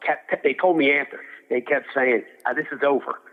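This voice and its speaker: A man's voice: medium pitch, steady tone, normal speed. A middle-aged man from Philadelphia, a boxing cutman, telling stories in a rambling interview and acting out quotes. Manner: rambling, many restarts, acts out quotes. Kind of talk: casual interview storytelling. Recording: phone-like line with long reverb.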